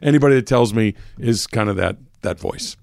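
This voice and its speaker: A man's voice: fairly low pitch, fairly quick, vocal fry, darkish tone, no echo, clean studio sound. A middle-aged man hosting a talk show, teasing his co-hosts and steering the chat. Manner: teasing, joking, leads the talk. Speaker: show host. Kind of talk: casual chat.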